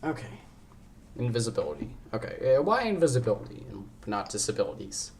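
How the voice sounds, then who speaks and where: A man's voice: lowish voice, very animated, a little fast, a little mellow, slight background noise. A young man hosting a podcast in casual chat, rambling and joking, often cutting himself off mid-sentence. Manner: rambling, jokey, self-interrupting. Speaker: podcast host.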